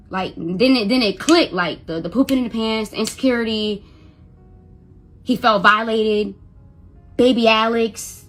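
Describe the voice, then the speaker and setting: A woman's voice: a little high, measured pace, soft background music. A young adult woman, a mother, telling an emotional first-person story, stuttering and repeating words when upset and quoting others as she goes.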